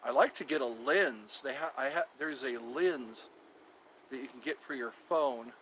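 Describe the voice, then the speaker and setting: A man's voice: mid-range voice, unhurried, a bit bright, slight background noise, low-quality recording. A man hosting a casual livestream from outdoors in the cold on his phone, rambling and repeating himself as he talks to viewers. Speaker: livestream host.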